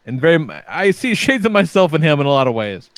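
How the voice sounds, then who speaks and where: A man chatting casually as a podcast host, telling profane, animated stories about being a father. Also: a little high, fast, dry recording. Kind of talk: casual chat.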